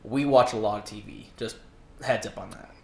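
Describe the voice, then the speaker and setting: A man co-hosting a podcast in casual chat, crude and quick to laugh, swearing freely. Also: on the low side, creaky, a little hiss or hum. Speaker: podcast co-host. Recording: roomy echo.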